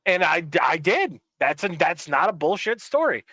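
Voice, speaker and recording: A man's voice: a little high, big pitch swings, moderate pace, a loud crowd. A man co-hosting a casual podcast chat, telling stories in a profane, joking way. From Upper Peninsula of Michigan. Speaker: podcast producer and co-host.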